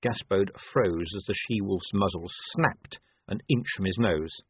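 A man narrating an audiobook in a lively, expressive storytelling manner. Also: low-pitched, measured pace, breathy edge, no room sound. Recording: tinny lo-fi dry recording.

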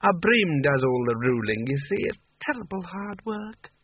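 A man voicing a tipsy, dim, wealthy male ruler who drawls slowly in a raised voice. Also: very animated. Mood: drowsy vague. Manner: slow, drawling, higher pitched. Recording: tinny narrow-band, dry.

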